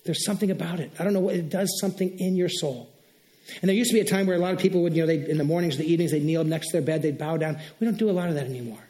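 A middle-aged male pastor preaching a sermon in an earnest, animated way, acting out sample prayers aloud. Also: fairly high pitch, racing.

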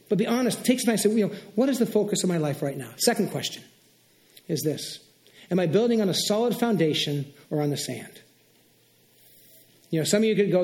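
A middle-aged male pastor preaching a sermon in an earnest, animated way, acting out sample prayers aloud. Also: sits high, fast talker.

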